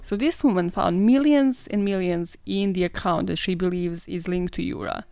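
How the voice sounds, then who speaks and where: A woman's voice: lowish voice, moderate pace, gravelly, dark tone, no echo. A woman hosting a podcast, telling a true-crime story in a casual, sarcastic way, swearing and laughing often. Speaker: podcast host.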